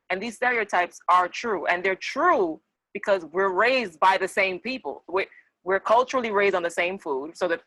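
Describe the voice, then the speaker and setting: A woman with a bright, forceful voice talks on a panel, animated and emphatic, laughing often. The sound is dry and close. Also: medium pitch, dry recording, rough recording. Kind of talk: casual panel discussion.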